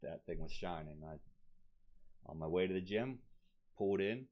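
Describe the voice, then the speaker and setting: Dull lo-fi podcast audio captures a male guest with a low voice at a normal pace. He tells a story in casual, profane talk and animatedly performs the people he's quoting.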